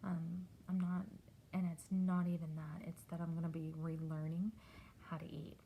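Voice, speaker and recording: A middle-aged woman from Texas, talking candidly and haltingly in a personal video diary. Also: lowish voice, flat delivery, mellow, a little hiss or hum, low-quality recording. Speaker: vlogger.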